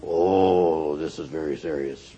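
A man voicing an earnest young girl in a told story, her voice pitched well above his own. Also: slow, mellow, dull audio. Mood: glum.

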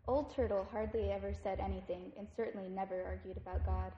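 A woman reading a picture book aloud at a service, in an even, measured way. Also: mid-range voice, muffled recording. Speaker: reader at a service. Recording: echoey room with faint noise.

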